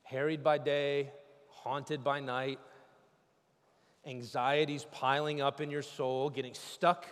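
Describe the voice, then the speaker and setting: A man preaching a sermon as pastor, swinging from loud cries to hushed, intimate speech. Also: mid-range voice, little pitch movement, slow, big-room sound.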